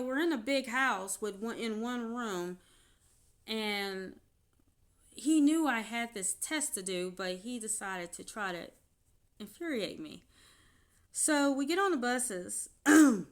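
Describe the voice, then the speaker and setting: A woman telling her own story in an unscripted vlog, her voice sitting at an ordinary middle pitch. She speaks candidly and haltingly, often restarting her sentences. She grows animated as she retells what happened. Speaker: vlogger.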